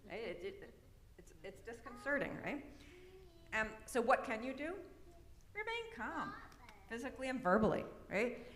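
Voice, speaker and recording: A woman's voice: on the high side, moderate pace, a little hiss or hum. Woman lecturing in an echoey hall. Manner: conversational, frequent tag questions. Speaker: presenter. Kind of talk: autism awareness talk. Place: church hall. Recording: echoey hall, long reverb.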